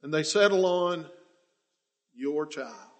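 A male preacher with a notably high voice delivers an impassioned sermon. He swings from ringing declarations to hushed, drawn-out phrases. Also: lively intonation.

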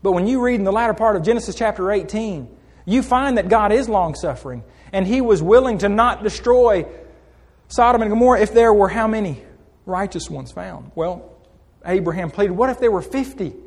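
A man's voice: high voice, normal speed, in a large hall. A man preaching a sermon, asking the congregation questions, answering them himself and repeating phrases for emphasis. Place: church.

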